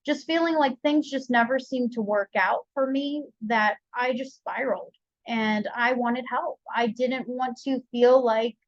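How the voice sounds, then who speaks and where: A young woman with a fairly high voice tells her own story as a podcast guest, chatty and animated, acting out what others said. The sound is dull and lo-fi, with a dry, close feel. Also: no echo. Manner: chatty, animated retelling with quoted dialogue. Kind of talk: candid personal story.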